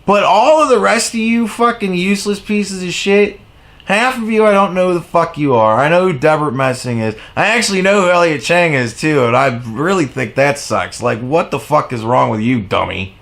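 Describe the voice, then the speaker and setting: A man delivering an angry political rant as a commentary vlogger, sarcastic and mocking, full of profanity, jumping from exasperated highs to low mutters. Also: expressive, normal speed, gravelly, a bit bright.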